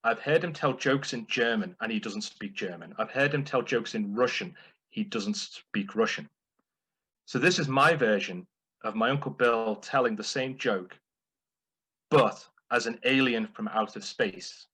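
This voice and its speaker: A man's voice: medium pitch, a bit bright, husky, poor audio. A man delivering a playful, humorous prepared speech at a speaking club. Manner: playful, deliberate.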